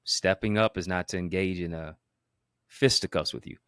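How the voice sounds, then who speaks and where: A man's voice: sits low, normal speed, a bit bright, smooth, no echo, studio quality. A man hosting his own show, delivering a motivational talk with an emphatic, preacher-like cadence full of repetition and wordplay. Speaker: motivational speaker and show host.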